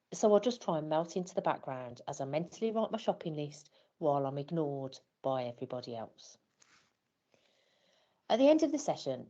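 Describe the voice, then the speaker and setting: A woman with a low, warm voice, recorded with dull audio, plays a flustered parent in a training scenario. She tells a scripted first-person story in a wry, self-deprecating manner.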